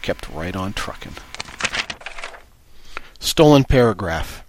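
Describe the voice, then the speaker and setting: A man reads book passages aloud in a steady, even manner. His voice sits very low, with a faint hiss running behind it. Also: slow. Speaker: reader of book excerpts.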